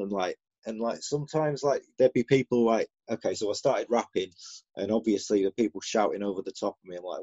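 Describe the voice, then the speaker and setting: A man's voice: on the low side, a little fast, dark tone, husky, no echo, muffled recording. A man, a battle rapper from the UK, chatting casually as a guest and telling stories with plenty of swearing. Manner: sweary, laid-back, storytelling. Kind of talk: casual interview chat.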